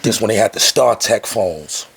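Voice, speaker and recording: A man's voice: on the low side, normal speed, gravelly, slight background noise. A man in his forties from Harlem with a New York accent, a podcast guest telling stories casually and acting out the people he quotes. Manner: animated, acts out quoted people with raised voice. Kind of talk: casual storytelling.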